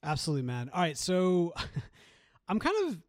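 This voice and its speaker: A man's voice: on the high side, big pitch swings, moderate pace, dry recording, clean studio sound. A man co-hosting a podcast in casual chat. He jokes around, pokes fun at himself and laughs easily. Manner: joking, self-mocking, laughs easily. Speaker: podcast co-host.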